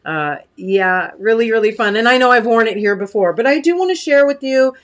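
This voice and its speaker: A woman's voice: on the high side, lively intonation, brisk. A woman hosting a casual live craft stream, chatting with viewers and reading comments, with a catch in her throat. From United States. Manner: chatty, warm asides to viewers, many fillers. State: clearing her throat often.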